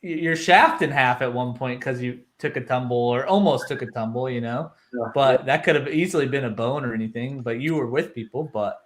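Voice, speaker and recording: A man hosting a casual live chat show. He talks at a middle pitch in a loose, rambling way. He laughs easily between questions. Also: brisk. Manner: relaxed, rambling, laughs often. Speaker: host.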